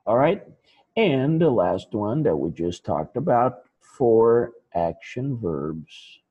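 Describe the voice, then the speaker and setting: Slow, patient male English teacher. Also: mid-range voice, big pitch swings, slightly rough, highs cut off. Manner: slow, patient, repeats points with example sentences. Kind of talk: explaining grammar in a lesson.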